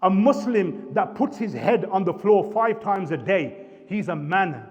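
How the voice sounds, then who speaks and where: Blunt high-voiced Birmingham man. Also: expressive, measured pace. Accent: Birmingham English. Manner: blunt, scolding, street-style slang. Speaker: panel speaker. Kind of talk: impassioned live talk. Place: community centre hall. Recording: roomy hall, dull sound.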